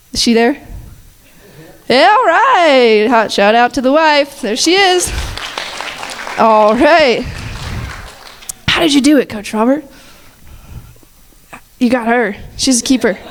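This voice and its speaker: A woman emcees a panel at a campus chapel, ribbing each guest with jokey questions. Her voice sits a little high. She laughs easily and keeps things light on a handheld mic. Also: unhurried, pauses often, a little hiss or hum. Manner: teasing, jokey, laughs often. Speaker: panel host at a chapel service. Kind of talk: playful interview questions. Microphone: handheld mic shared with guests.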